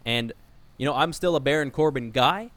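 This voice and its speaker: A man at a middling pitch talks casually on a podcast. He speaks in a direct, opinionated way. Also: moderate pace, fairly bright tone, dry recording. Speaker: podcast co-host. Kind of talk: casual chat.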